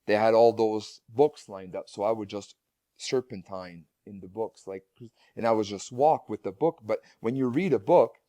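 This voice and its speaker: A man's voice: lowish voice, normal speed, warm tone, dry recording. A man talking casually as a guest speaker in an interview, speaking with frequent restarts and repeated words. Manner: rambling, many restarts and repeated words, laughs often.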